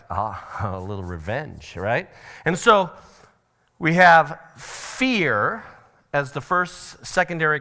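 Guy giving a church parenting talk, bright lively voice, jumps into loud acted-out bits. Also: mid-range voice. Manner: animated, acts out family scenes with shouted voices. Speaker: seminar speaker on parenting. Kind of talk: church seminar teaching.

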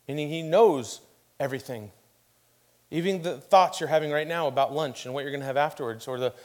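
A middle-aged man preaching a sermon as pastor, telling stories with lively emphasis and dropping to a hushed tone for scripture. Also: fairly high pitch. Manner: animated storytelling with acted quotes, then quiet and hushed for scripture.

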